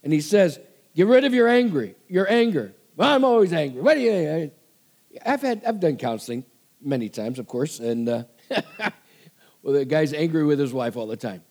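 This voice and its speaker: Animated, high-voiced preacher man. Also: moderate pace. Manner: emphatic preaching, repeating commands and asking for amens. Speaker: pastor. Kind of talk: sermon.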